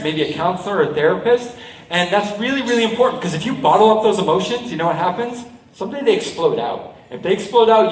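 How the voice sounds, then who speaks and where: A high-voiced man addresses a school assembly with an animated, motivational delivery. He keeps checking in with the crowd through quick asides. His voice rings through a large, echoey hall, picked up from some distance away. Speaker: school assembly speaker and juggler. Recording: roomy hall, mic from a distance.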